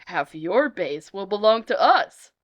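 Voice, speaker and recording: A woman's voice: medium pitch, very animated, measured pace, highs cut off. A woman voicing a pushy male American whaling captain with a brash, breezy manner.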